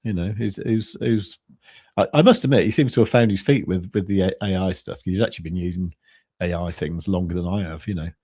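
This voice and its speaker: A man chatting casually as co-host of a crypto trading stream, rambling and halting, with many restarts and fillers. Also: deep voice, darkish tone, breathy edge, no room sound, clean studio sound. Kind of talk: casual chat.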